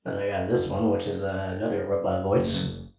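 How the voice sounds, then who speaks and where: A man using a robot voice changer to sound like a droid, speaking flat and mechanically. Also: deep voice, moderate pace, creaky, voice pushed up. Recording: echoey room with music behind.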